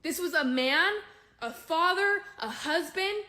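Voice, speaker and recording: A woman's voice: extremely high pitch, animated, slow pace, sharp tone. A woman in an enraged reaction video, swearing and shaky with fury.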